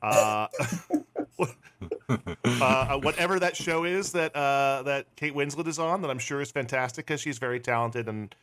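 A man's voice: mid-range voice, unhurried, fairly bright tone, a little hiss or hum. A man co-hosting a podcast in casual chat, playful and jokey, slipping into silly sung bits. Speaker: podcast co-host.

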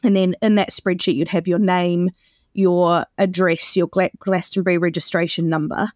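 A woman's voice: lowish voice, flat delivery, moderate pace, a little mellow, no echo, studio quality. A woman co-hosting a podcast in casual chat, explaining things at length and laughing often. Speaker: podcast co-host.

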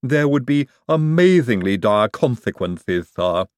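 A man voicing a calm, polite male servant who answers in a measured, deferential way. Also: mid-range voice, clean tone, dry recording, clean studio sound, voice pushed up.

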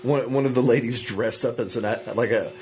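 A man co-hosting a podcast, telling stories in a joking, animated casual chat. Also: mid-range voice, brisk, slight background noise. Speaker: podcast co-host.

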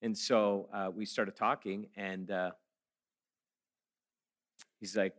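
A man's voice: mid-range voice, animated, normal speed, pauses often, bright, forceful tone. A middle-aged man giving a sermon, telling stories and then rising to emphatic preaching. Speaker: guest speaker.

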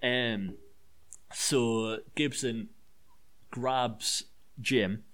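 A man's voice: medium pitch, drawn-out words. A man casually recapping a wrestling show as a podcast co-host, swearing and laughing as he tells it. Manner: swearing, laughing, animated storyteller.

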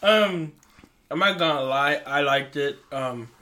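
A man's voice: fairly high pitch, takes it slowly, bright, forceful tone. A young man in casual food-tasting chat, making blunt, teasing remarks.

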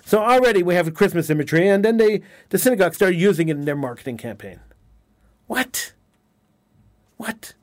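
High-voiced, indignant talk radio host. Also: male voice, big pitch swings, fairly quick, darkish tone, no echo. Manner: emphatic, indignant, repeats words and phrases.

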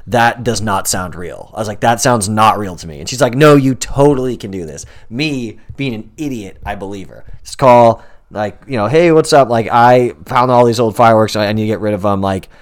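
Swearing, animated young man telling a story. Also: lowish voice, a little fast. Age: 20s. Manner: animated storyteller, swears, acts out both sides. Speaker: podcast co-host. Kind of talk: casual podcast chat.

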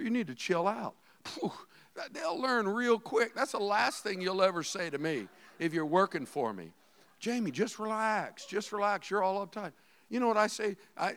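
A middle-aged man preaching a sermon as a pastor, animated, swinging between hushed asides and shouted emphasis. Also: high voice, vocal fry.

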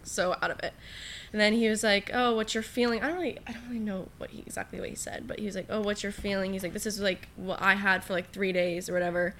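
A teenage girl tells her story in a casual chat, her bright, clear voice running on with fillers and acted-out quotes. A faint low rumble sits under the recording. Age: teens. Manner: chatty storytelling, many fillers, acts out quotes. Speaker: guest.

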